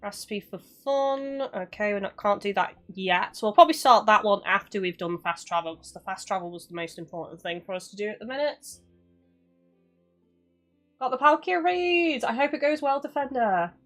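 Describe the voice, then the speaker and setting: A woman's voice: medium pitch, moderate pace, a bit bright, soft background music. A woman chatting casually to her viewers while live-streaming a game, swearing now and then.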